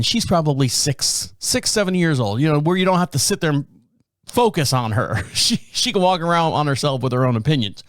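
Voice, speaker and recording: A male podcast host telling a story in a casual, animated way, chuckling and acting out what people said. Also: a little high, brisk, no room sound. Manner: animated, chuckling, acts out quotes.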